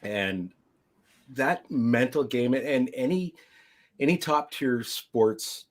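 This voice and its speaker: A man's voice: medium pitch, animated, takes it slowly. A man hosting a podcast, chatting casually in a blunt way with some swearing. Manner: blunt, swears, laughs often. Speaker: podcast host. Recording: faint background noise.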